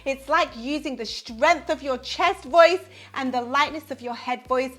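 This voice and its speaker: A woman's voice: high voice, unhurried, a bit bright. A woman vocal coach giving an upbeat singing lesson to camera, explaining with the odd "you know" and "um".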